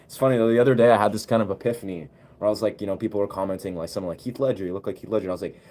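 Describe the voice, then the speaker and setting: A man's voice: fairly low pitch, steady tone, racing, darkish tone. A man chatting casually on a live stream as a musician, laid-back and rambling with slangy asides. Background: keyboard music he plays.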